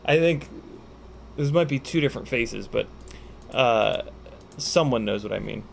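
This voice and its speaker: A man's voice: medium pitch, expressive, measured pace, vocal fry, a little hiss or hum. Profane rambling male streamer. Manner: profane, joking, rambling with fillers; reads viewer questions aloud. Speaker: livestream host. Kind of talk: casual livestream chat.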